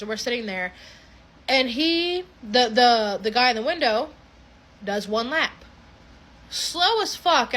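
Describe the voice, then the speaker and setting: Animated swearing young woman storyteller. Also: a little high. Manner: animated, swearing, restarting often. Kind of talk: casual storytime.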